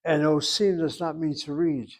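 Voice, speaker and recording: A man's voice: fairly high pitch, fairly even intonation, normal speed, creaky. A man teaching a Hebrew class, explaining vowels and grammar patiently and methodically, correcting students. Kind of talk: online class instruction.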